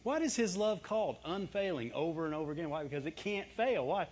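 A man's voice: fairly high pitch, expressive, quick pace, a little mellow. A man preaching a sermon in a conversational style, asking rhetorical questions and answering them himself. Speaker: pastor. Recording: dull lo-fi recording.

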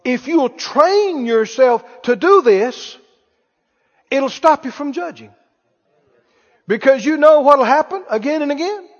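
With an extremely high-pitched, expressive voice, a pastor preaches slowly to a live congregation in church, pausing often. He repeats key phrases emphatically and asks if they hear him, all captured in a dull, lo-fi recording with hall echo.

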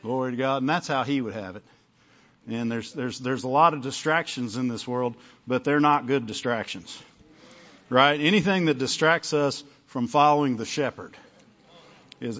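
A man's voice: mid-range voice, fairly bright tone. Man preaching on a dull lo-fi recording. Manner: conversational preaching, frequent "amen?" and "right?" to the congregation. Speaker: pastor. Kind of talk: sermon.

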